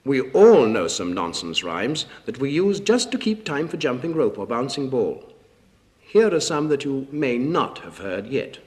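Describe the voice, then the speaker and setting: A man leading rhymes, games and a fast tongue twister on a children's record, playful and teasing. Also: medium pitch, sing-song, darkish tone. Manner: playful, teasing and brisk in patter. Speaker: playmate and game leader on a children's record.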